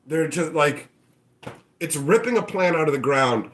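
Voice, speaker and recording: Animated, high-voiced male ranting host. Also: measured pace. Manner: animated, profane, acts out mocking voices. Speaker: channel host. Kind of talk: casual opinion rant.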